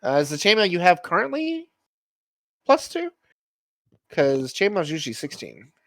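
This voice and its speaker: Animated man running the game. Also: high-pitched, normal speed, dry recording. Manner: animated, amused. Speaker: dungeon master. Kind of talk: tabletop game narration.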